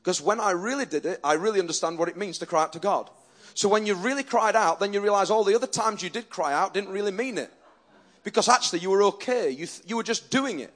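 A pastor with a fairly high, somewhat bright voice preaches to his congregation with earnest emphasis. He speaks fast, stopping and restarting his sentences as he goes.

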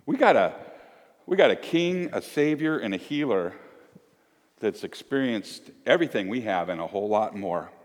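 A man's voice: fairly low pitch, animated, normal speed, long reverb tail. A man in his fifties preaching as a pastor, folksy and emphatic, asking one question after another. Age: 50s. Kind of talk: sermon. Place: church.

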